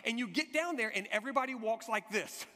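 A man preaching a sermon, telling an animated personal story and acting out the people in it. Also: very high-pitched, fast. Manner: animated storytelling, shouts acted quotes. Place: church hall. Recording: long hall reverb.

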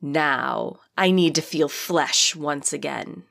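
A woman voicing an ancient, hungry female demon spirit in an audiobook, speaking slowly with menace and seduction. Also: sits low, expressive, gravelly, a bit bright, full character voice. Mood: menacing, gloating. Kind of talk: audiobook character reading.

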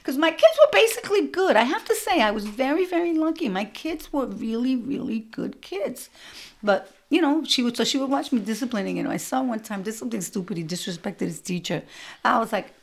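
A middle-aged woman hosting a show, telling family stories in an animated, punchy way with sudden loud bursts. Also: a little high, a little fast, creaky. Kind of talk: storytelling monologue.

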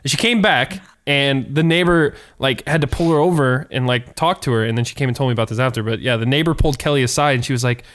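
A young American man in casual podcast chat who tells stories in an animated, profane way. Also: medium pitch. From United States. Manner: rapid, profane, animated storyteller. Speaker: podcast host.

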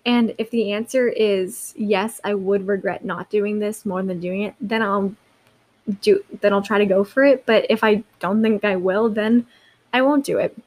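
A woman's voice: mid-range voice, steady tone, moderate pace, darkish tone. Chatty young woman hosting a podcast. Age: young adult. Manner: chatty and rambling, lots of likes and restarts. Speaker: podcast host. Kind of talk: casual solo podcast. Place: seated in a chair.

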